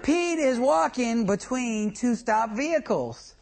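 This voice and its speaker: In a slow, creaky, darkish voice of medium pitch, a traffic school instructor gives an expressive, comic lecture. He tells stories, jokes around, and puts questions to the room.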